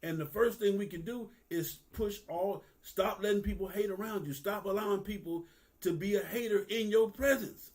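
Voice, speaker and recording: This man in his 50s has a high-pitched, darkish voice and keeps a moderate pace. As a vlogger, he delivers an earnest, candid monologue full of casual profanity and street talk, repeating phrases to drive points home.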